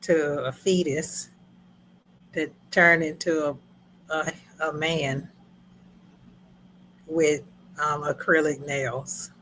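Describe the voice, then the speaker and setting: Slow-talking woman co-hosting a movie chat. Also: low voice, slight background noise, rough recording. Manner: animated, acts out scenes in quoted voices, laughs often. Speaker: movie review co-host. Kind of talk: casual chat.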